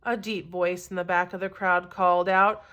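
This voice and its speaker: A female teacher with a fairly low voice reads a storybook aloud to children, stopping now and then to ask them questions in an expressive, encouraging way.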